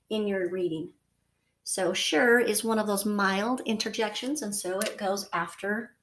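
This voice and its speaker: Woman, teacher, recorded class lesson, patient, repeats herself, says okay often. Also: mid-range voice.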